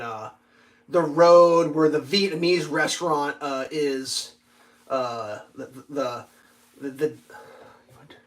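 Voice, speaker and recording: A man telling a rambling, profane story on a casual livestream, full of fillers and restarts. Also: a little high. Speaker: livestream host.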